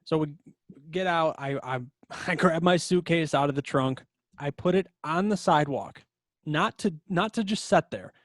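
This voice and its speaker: Young dude on a podcast, lively storyteller, laughs a lot, kinda high voice, dry sound. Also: male voice, normal speed, dry recording. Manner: animated storyteller, laughs often. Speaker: podcast co-host. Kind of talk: casual chat.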